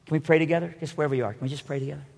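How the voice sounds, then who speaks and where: A man's voice: fairly high pitch, steady tone, rapid-fire, creaky, a little mellow, long reverb tail. A man preaching a sermon, telling his story with animation and acting out the voices of the people in it.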